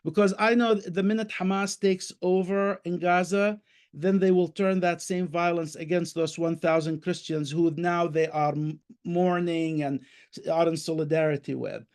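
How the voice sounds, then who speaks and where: Emphatic man with a higher voice. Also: steady tone, moderate pace, a little mellow, smooth. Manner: passionate and emphatic, repeats words for stress; speaks in short bursts with restarts. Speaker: panel guest. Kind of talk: online panel discussion.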